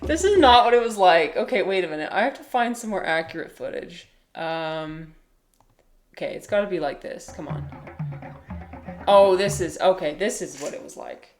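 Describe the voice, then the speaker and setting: A woman hosts a relaxed livestream with a slightly low voice, chatting as she reacts to footage. Her talk rambles and is loose with swearing. Clear music plays under her voice. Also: normal speed. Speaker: livestream host. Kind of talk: casual stream chat reacting to footage.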